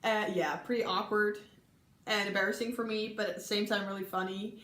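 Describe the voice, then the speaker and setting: A woman's voice: mid-range voice, fairly even intonation, a little fast, a bit bright. Giggly Dutch young woman, echoey room. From Netherlands. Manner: chatty, giggly, many ums, acts out quoted people. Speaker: vlogger recalling an exchange year. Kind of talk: casual storytelling to camera.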